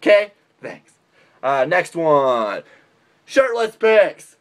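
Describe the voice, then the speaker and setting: A young man with a fairly high voice rants into his camera. His delivery is blunt and full of profanity. He keeps slipping into mocking impressions of other people. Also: very animated, very slow, a bit bright. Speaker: vlogger giving dating advice. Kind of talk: ranting comedic vlog.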